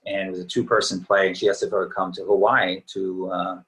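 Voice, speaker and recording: A man's voice: sits low, little pitch movement, a little fast, a bit bright, rough recording. A middle-aged actor chatting as a guest in a casual interview, easygoing and reminiscing, his voice a little tired from talking. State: slightly tired voice.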